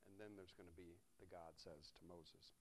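A man's voice: normal speed, slight background noise. Man preaching a wry, conversational sermon. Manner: conversational, wry preaching with frequent "right?" asides; swings between soft, low reflection and loud, animated emphasis. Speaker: pastor.

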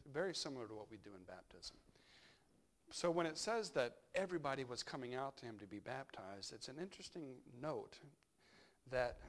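A male pastor giving a conversational sermon, reflective and unhurried, thinking aloud as he goes. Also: medium pitch.

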